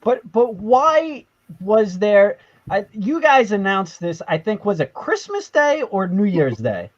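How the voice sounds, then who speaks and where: A man hosting a casual live-stream chat, rambling and excitable with many restarts. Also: high-pitched, slow. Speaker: host. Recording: lo-fi, dull sound.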